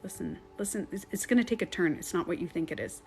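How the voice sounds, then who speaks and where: Animated, rambling meditation coach woman. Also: lowish voice, fast, soft background music. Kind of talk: casual live-stream monologue.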